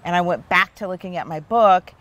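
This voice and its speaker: A woman in her fifties, a therapist hosting, telling a personal story in a relaxed, animated chat. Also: lowish voice, fairly quick. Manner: chatty, animated storyteller with many "like"s. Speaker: therapist and host.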